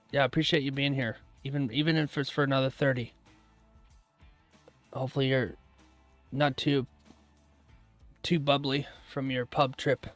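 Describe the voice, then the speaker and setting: Casual man chatting on a live stream. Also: mid-range voice. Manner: chatty, reads and answers viewer chat aloud; relaxed, laughs often, trails off mid-thought. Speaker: day-trading livestreamer.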